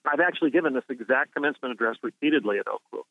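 A man's voice: mid-range voice, expressive, racing, creaky, dry recording. A university president calling into a radio interview, an emphatic man who builds his points through repetition in a preacherly way. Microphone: telephone. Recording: tinny phone line.

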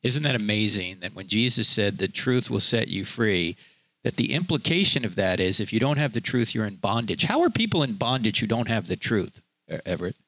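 A man's voice: lowish voice, very animated, a little fast, a bit bright, no echo. A man hosting a radio talk show, speaking conversationally with fillers as he interviews a guest and plugs his book.

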